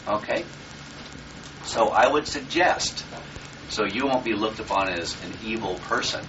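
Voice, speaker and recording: A man's voice: fairly low pitch, a little slow, fairly bright tone. A man giving a live seminar talk in a blunt, profane way, often checking in with his listeners. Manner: blunt and profane, checks in with "okay?" and "does that make sense?". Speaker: seminar instructor. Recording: distant, dull lo-fi room recording with faint noise.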